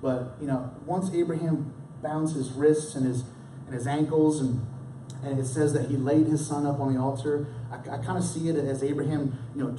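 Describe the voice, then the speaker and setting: With a warm, mid-range voice, a young adult or middle-aged pastor delivers a conversational sermon, often restarting his words and dramatically acting out quotes from the story. The recording comes from a distant mic in a roomy church hall, with a little hiss or hum.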